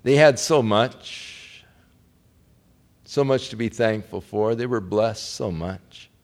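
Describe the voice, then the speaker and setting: A man preaching a sermon through a personal story, moving between hushed, low passages and raised, heartfelt ones. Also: takes it slowly.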